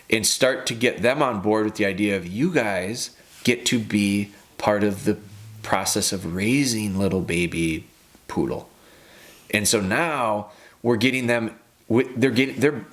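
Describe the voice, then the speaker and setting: A man in his thirties with a somewhat low voice talks on a podcast, giving earnest advice. He leans on repetition, coaching the listener the way a trainer would. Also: a bit bright. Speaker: dog trainer, podcast host.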